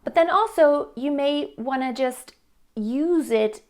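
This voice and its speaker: Giving a singing lesson, this woman vocal coach speaks in a high, light voice with lively intonation and a somewhat dark tone. She lays out each point plainly, then jumps into quick sung examples to demonstrate.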